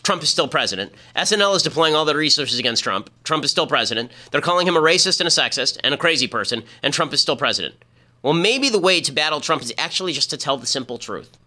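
A man hosting his own political podcast, delivering a fast, combative monologue with mocking jabs. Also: mid-range voice, sharp tone. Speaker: podcast host. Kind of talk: opinion commentary monologue.

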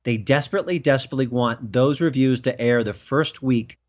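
A man being interviewed as a film critic, talking emphatically and rising in pitch when indignant. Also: brisk, darkish tone. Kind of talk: political interview. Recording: dull lo-fi sound.

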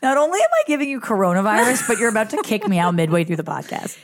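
Woman, 30s, podcast guest, teasing banter, very animated pitch. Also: rapid-fire. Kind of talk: casual chat.

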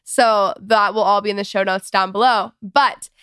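A woman's voice: mid-range voice, fairly even intonation, moderate pace, a bit bright, clean tone, no echo, studio quality. A young woman from Texas hosting a podcast in casual chat, bubbly and rambling with lots of "oh my gosh" and "like". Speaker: podcast host.

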